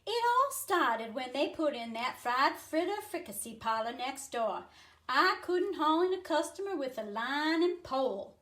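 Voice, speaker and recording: A woman's voice: sits high, big pitch swings, unhurried, a bit bright, full character voice. A woman voicing a talkative dog restaurant owner in a put-on Southern US accent, reading a picture book aloud. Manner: folksy storytelling drawl.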